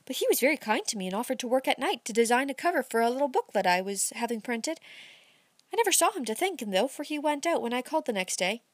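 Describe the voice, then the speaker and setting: A woman reading aloud, voicing a cheerful, teasing young woman in a bright, lilting voice. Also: on the high side, very animated, no room sound, clean studio sound, pitched above the performer's own voice. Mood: playful. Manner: bright and lilting, quick to laugh.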